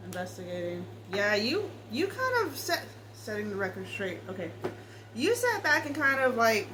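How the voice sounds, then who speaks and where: A woman's voice: on the high side, wildly swooping pitch, normal speed, pushed and bright, slight background noise, poor audio. A woman giving a casual tarot reading, talking straight to the viewer in a blunt, swearing way. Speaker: tarot reader.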